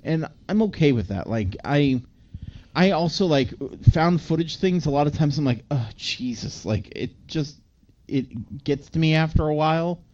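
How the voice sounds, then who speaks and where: A man's voice: a little high, animated, normal speed, a little mellow. Rambling man on lo-fi audio. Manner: rambling, full of "like" and "uh" fillers. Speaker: podcast co-host. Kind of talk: casual movie recap chat.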